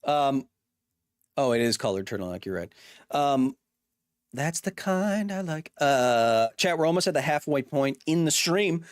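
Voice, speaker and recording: Male streamer, 30s, goofy, self-deprecating, slightly high voice, talks to chat. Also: animated, normal speed, dry recording, clean studio sound. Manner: goofy, self-deprecating, riffs silly bits. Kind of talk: live gaming stream chat.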